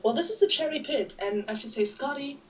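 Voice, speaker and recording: A woman's voice: high voice, expressive, quick pace, poor audio. Giggly, teasing woman co-host who is sick. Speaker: podcast co-host. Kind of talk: casual chat.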